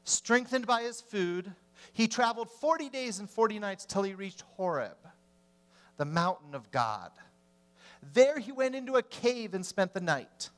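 A man preaching a sermon as a pastor, telling the story with animation and swinging from loud to hushed. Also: high-pitched, big pitch swings, measured pace.

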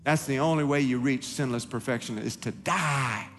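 A man's voice: mid-range voice, normal speed, a bit bright, in a large hall, soft background music. A man preaching a sermon as pastor, emphatic, acting out quoted voices. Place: church hall.

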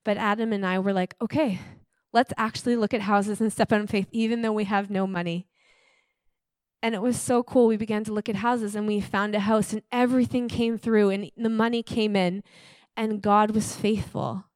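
A woman's voice: mid-range voice, fairly even intonation, brisk, a little mellow, no echo. A woman telling faith stories in a casual, enthusiastic testimony style, chatty and full of fillers.

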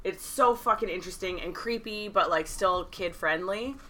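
A young woman in a casual chat with friends, earnest, pausing with "um" and swearing now and then. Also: fairly low pitch, pushed and bright.

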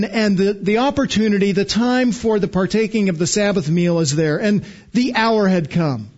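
A man's voice: high-pitched, muffled recording. A man preaching an expository sermon, emphatic and earnest, often repeating words to stress a point.

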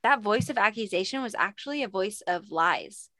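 A woman's voice: medium pitch, expressive, moderate pace, bright, forceful tone, no echo, clean studio sound. A woman co-hosting a faith-based podcast, talking passionately and emphatically in a preaching rhythm. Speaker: podcast co-host. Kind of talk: faith-based casual chat.

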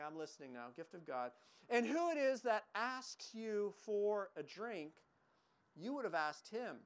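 A male pastor preaching a sermon, reading scripture slowly and with emphasis, then adding quick conversational asides to the congregation. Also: sits high, clear, resonant tone.

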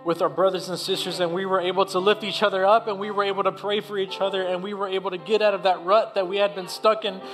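High-voiced man giving a heartfelt testimony. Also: little pitch movement, a bit bright, faint music behind. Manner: heartfelt, halting, with repeated restarts. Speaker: church speaker. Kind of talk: personal testimony sermon.

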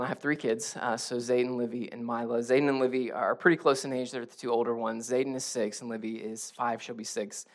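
A man in his thirties preaching a sermon as pastor, talking casually and animatedly, sometimes dropping to a hush. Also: on the high side. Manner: conversational and animated, with rising intensity and hushed moments.

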